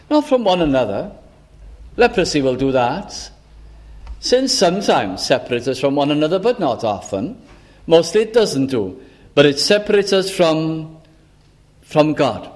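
A man preaches a sermon in an unhurried, measured way, dwelling on each phrase and repeating key words for weight. His voice sits a touch higher than most men's. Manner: slow, deliberate, repeats phrases for emphasis.

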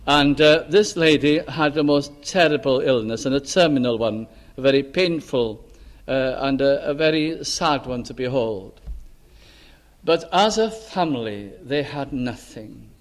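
An older man from Wales giving an earnest sermon testimony, pleading with his hearers and dropping to a hush on solemn words. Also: medium pitch, lively intonation, measured pace. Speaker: preacher.

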